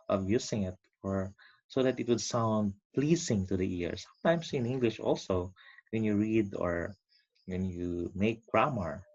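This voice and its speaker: A man's voice: lowish voice, a little mellow, husky. A man teaching an online lesson, stretching out key words for emphasis. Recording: dull lo-fi recording.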